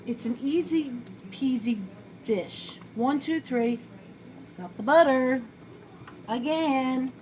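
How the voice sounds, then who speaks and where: A woman's voice: high voice, takes it slowly, pauses often, darkish tone, rough recording. A middle-aged woman with a New York accent, chatting and rambling as she cooks in her home kitchen, often poking fun at herself. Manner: chatty, rambling, self-deprecating. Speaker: home cook vlogger. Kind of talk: casual cooking chat to camera. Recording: home video with clear background noise.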